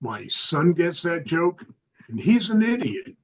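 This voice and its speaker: An older man doing a stand-up comedy set, a self-described lovable curmudgeon delivering dry, deadpan jokes about family. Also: fairly high pitch, slow pace, rough recording. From Southern California.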